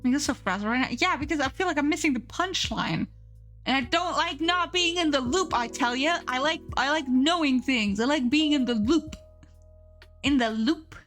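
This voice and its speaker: A playful, giggly woman with a fairly high voice, chatting casually with her live-stream audience and reading out their messages. Soft music plays faintly behind her at her desk setup. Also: moderate pace. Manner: giggly, playful, reads chat aloud.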